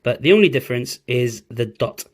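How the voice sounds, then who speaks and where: A man teaching an online Arabic lesson, patiently encouraging learners and slowly repeating each sound for them to copy. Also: mid-range voice, expressive. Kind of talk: online language lesson, drawing on a board.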